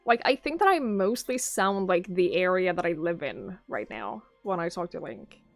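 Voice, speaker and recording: A woman's voice: fairly low pitch, animated, moderate pace, dry recording, soft background music. A young Norwegian woman with a Norwegian accent in English, chatting casually with her live-stream viewers and reading their messages aloud. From Norway. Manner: chatty, musing aloud, swears casually, reads chat aloud. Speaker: game streamer.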